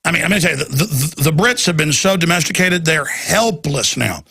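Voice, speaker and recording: A man's voice: on the high side, lively intonation, fairly quick, creaky, bright, forceful tone, breathy edge. A middle-aged man hosting a talk radio show, delivering a heated, ranting monologue with mocking asides.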